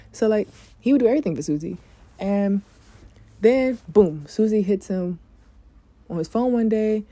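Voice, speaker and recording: Woman, casual vlog storytelling, candid and chatty, curses freely, very dark mellow voice, dry close sound. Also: on the low side, dry recording. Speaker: vlogger giving dating advice.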